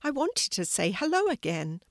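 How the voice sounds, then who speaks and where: Storyteller doing a cheery robin, high and chirpy, storybook bird. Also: female voice, big pitch swings, normal speed, gravelly, no room sound, studio quality. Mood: cheerful. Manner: bright and sing-song.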